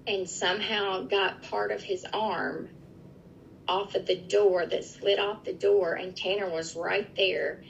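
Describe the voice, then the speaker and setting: Gravelly-voiced woman telling a hard story. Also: mid-range voice, level tone, a little hiss or hum. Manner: earnest, vivid retelling with halting restarts. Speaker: interviewee. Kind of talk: personal storytelling in an interview. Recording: dull lo-fi recording.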